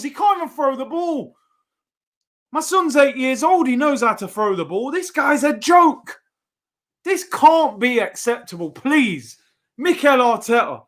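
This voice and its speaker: A man, hosting a live football watchalong with frustrated, animated outbursts at the play. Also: extremely high pitch. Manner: frustrated, animated fan reactions, loud outbursts. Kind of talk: live match watchalong reaction.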